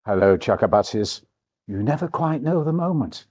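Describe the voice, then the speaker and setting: Male host, husky and mellow, lively intonation, chatty and laughing. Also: mid-range voice, normal speed, muffled recording, soft background music. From England. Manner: chatty, laughing often, expressive. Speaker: vlog host. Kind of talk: casual chat. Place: cafe in Marrakech.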